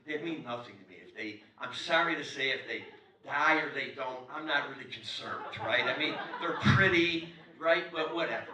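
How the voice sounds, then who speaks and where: A man in his sixties, a motivational speaker telling a story to a live audience, acting out the dialogue and swinging from loud to hushed. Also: mid-range voice. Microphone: clip-on mic. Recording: echoey hall, mic from far off.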